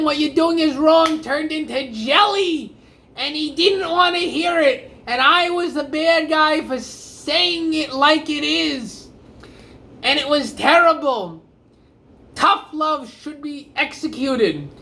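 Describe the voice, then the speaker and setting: Brief: man, slow deliberate delivery, blunt emphatic monologue commentator. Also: very high-pitched, sharp tone. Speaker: comedic commentator. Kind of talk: opinionated monologue to camera.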